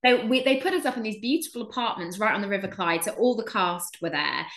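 A woman's voice: medium pitch, quick pace, reverberant. A woman from England in her thirties, a guest telling a story in casual chat and acting out what everyone said. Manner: animated storyteller acting out quoted voices.

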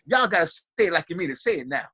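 A man's voice: fairly high pitch, sing-song, fast talker, bright, forceful tone, slightly rough, no room sound, highs cut off. A man preaching a fervent sermon over a video call, building to call-and-response. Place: small room.

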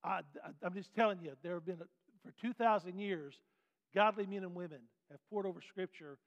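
A man with a high voice teaches a classroom Bible lesson, folksy and animated, often asking the class questions. The sound is dull and muffled. A long reverb trails each phrase, as in a large hall. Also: fairly quick.

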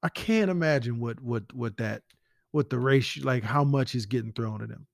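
A man's voice: mid-range voice, moderate pace, gravelly, no echo, studio quality. A man hosting a casual commentary podcast, blunt and profane, firing rhetorical questions at the listener. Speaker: podcast host.

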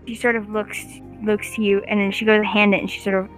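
A woman's voice: mid-range voice, flat delivery, fast, few pauses, faint music behind. A woman running a tabletop game as game master, narrating in a rambling way with many likes and uhs.

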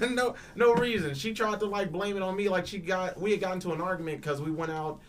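A man's voice: high voice, quick pace, a little hiss or hum. A young man in casual podcast chat, telling a long story with frequent laughs and repeated words, acting out both sides of quoted exchanges. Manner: animated, laughs often, repeats and restarts words, swears freely. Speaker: podcast panelist.

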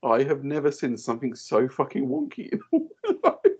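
A man in his thirties chats on a podcast and tells stories with lots of energy, slipping into other people's voices as he goes. His voice sits a little high, swings widely in pitch and has a husky edge. The recording sounds slightly dull. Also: fairly quick. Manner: animated storyteller, acts out quoted voices. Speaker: podcast co-host. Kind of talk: casual chat.

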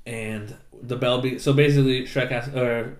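A man co-hosting a casual podcast, recapping a film with lots of laughter and quick impressions of the characters. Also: medium pitch, steady tone, reverberant. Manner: laughing, acts out lines in silly voices. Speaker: podcast co-host. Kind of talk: casual movie recap chat.

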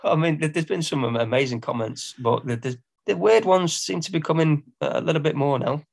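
A man's voice: a little high, fairly quick, creaky. A man with an English accent, a singer-songwriter guest on a podcast, who talks hesitantly with lots of ums and laughs at himself. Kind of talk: casual podcast interview.

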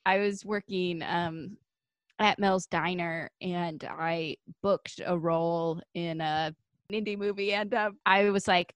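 A woman in casual chat, relaxed and a little hesitant, with fillers. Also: fairly low pitch, slow, clear, resonant tone, no echo. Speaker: actress.

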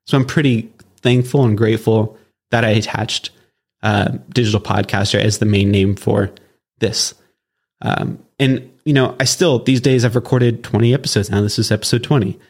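A man's voice: lowish voice, fairly even intonation, normal speed. A man from Southern California hosting a solo podcast, talking in a loose, rambling way with plenty of fillers and restarts. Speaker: podcast host.

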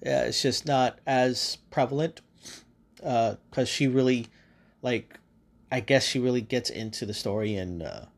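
Man, podcast host, casual monologue, rambling, swears a lot, many fillers, middle pitch. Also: a little slow, gravelly.

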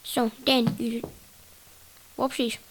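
A woman's voice: a little high, flat delivery, takes it slowly, crowd noise, poor audio. A woman hosting a solo podcast, rambling in a silly, giggly way and jumping from topic to topic. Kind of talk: rambling casual monologue.

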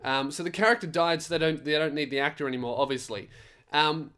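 A young man hosting a podcast, telling stories in a profane, animated comic rant. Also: fairly high pitch, quick pace. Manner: profane, animated storytelling with laughs. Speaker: podcast host. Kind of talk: casual comedic rant.

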